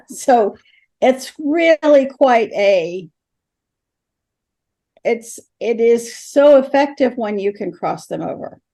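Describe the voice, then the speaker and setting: Slow and mellow, with long pauses, this older woman's slightly high voice stays animated. As an interview guest who helps ghosts, she tells stories with lively energy and performs the dialogue herself.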